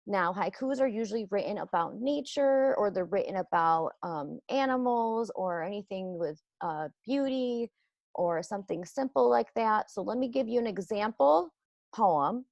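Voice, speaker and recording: A woman teacher walks young children through a lesson, slowly and patiently. Her voice has a gravelly, fry-tinged edge. The sound is close and dry, with no room around it. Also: medium pitch, expressive, darkish tone, no echo, lo-fi sound. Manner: slow, patient, explaining step by step.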